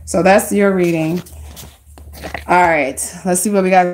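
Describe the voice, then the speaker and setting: At a normal speed and a fairly low pitch, a slightly mellow-voiced woman gives informal tarot readings on a live stream. She talks right to her audience, loose and slangy.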